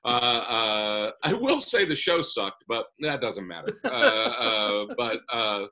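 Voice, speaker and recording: A man's voice: mid-range voice, sing-song, slow, creaky, sharp tone, low-quality recording. A man casually telling a personal story as a podcast guest, full of "uh" fillers and little chuckles. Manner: rambling with many "uh" fillers and chuckles.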